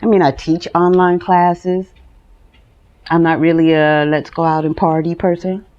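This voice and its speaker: Low-voiced, slow-talking woman podcaster. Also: little pitch movement, darkish tone, dull audio. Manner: candid and emotional, laughs often. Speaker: podcast host. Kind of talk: personal monologue. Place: at home.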